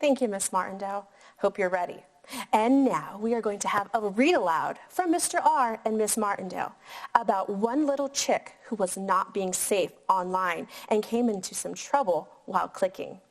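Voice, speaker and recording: A woman's voice: medium pitch, normal speed. A woman teacher introducing the next segment of a lesson. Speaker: teacher presenter.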